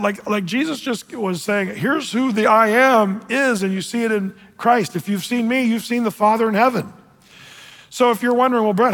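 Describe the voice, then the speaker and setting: A man's voice: sits high, a bit bright. A man preaching a casual sermon to a men's group, reading scripture aloud in old-fashioned wording. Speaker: pastor. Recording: long hall reverb.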